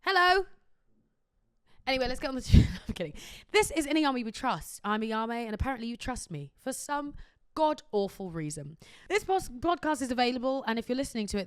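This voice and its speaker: Podcast host, woman, high voice, bubbly, animated storyteller, dry close mic. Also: clear, resonant tone, dry recording. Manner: chatty, animated storytelling with frequent laughs. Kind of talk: casual chat.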